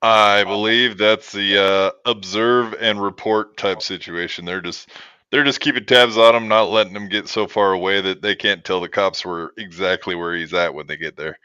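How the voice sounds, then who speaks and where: A man joining a podcast chat, explaining things in a calm, matter-of-fact way. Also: fairly low pitch, normal speed, clear, resonant tone, no room sound. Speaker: podcast guest. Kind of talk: casual chat. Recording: dull, dry lo-fi sound.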